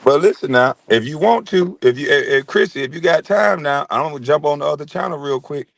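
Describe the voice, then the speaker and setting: A man's voice: fairly high pitch, a little fast, vocal fry, no room sound. Profane laid-back man, dry close mic. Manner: loose, profane, laughing banter with chat. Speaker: livestream host. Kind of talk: casual livestream chat.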